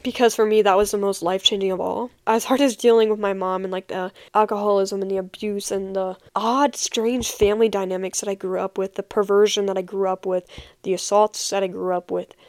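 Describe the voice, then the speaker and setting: Earnest and heartfelt, a young female podcast host tells of her personal faith, leaning on repeated key phrases to drive her points home. She has a mid-range, slightly mellow voice, recorded at studio quality with no room sound.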